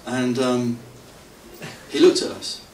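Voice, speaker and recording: At a temple anniversary, a middle-aged devotee tells anecdotes to the crowd in a slow, mid-range voice with a somewhat dark tone. His manner wanders and is self-deprecating, punctuated by frequent chuckles. A far-off mic in the temple hall captures a spacious sound and light hiss.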